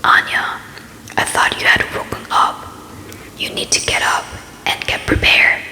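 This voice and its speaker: A fretful middle-aged noble mother, whispered by a woman reader in whispered role-play. The whisper is very bright and airy. An echoey room rings around each word. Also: unhurried. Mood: anxious.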